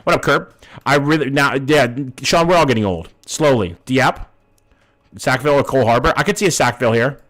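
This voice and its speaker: This man, a thirtysomething streamer from Vancouver, Canada, swears offhandedly as he reads chat and guesses locations on a live stream. He speaks a little fast in a medium-pitched, slightly bright voice.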